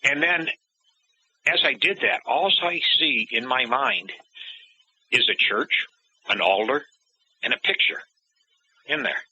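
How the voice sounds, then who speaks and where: A man's voice: mid-range voice, animated, slow pace, pauses often, pushed and bright, slightly rough. A middle-aged man, a guest in an interview, telling a personal story and acting out the dialogue he remembers. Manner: acts out remembered dialogue in changing voices. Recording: dull lo-fi audio.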